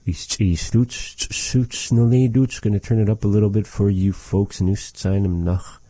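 A man teaching vocabulary in a casual lesson, repeating each word slowly with chatty asides. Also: fairly low pitch, steady tone, warm tone, no room sound. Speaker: language teacher.

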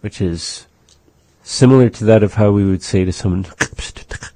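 A middle-aged man teaching a language in a relaxed chat, patiently repeating words to demonstrate their sounds. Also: lowish voice, moderate pace, a little hiss or hum.

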